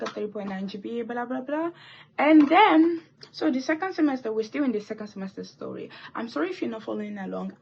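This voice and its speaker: A teenage girl telling a rambling, animated story while doing her makeup, with swearing and asides. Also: a little high, vocal fry, husky, highs cut off. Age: teens. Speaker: vlogger. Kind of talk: chatty get-ready-with-me story time.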